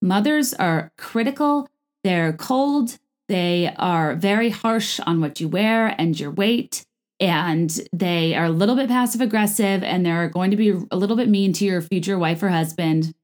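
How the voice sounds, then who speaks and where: A woman hosting a podcast in a casual, rambling chat, full of fillers and restarts, her pitch jumping up for emphasis. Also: unhurried. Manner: lively jumps in pitch for emphasis. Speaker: podcast host. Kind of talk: casual chat about reality TV.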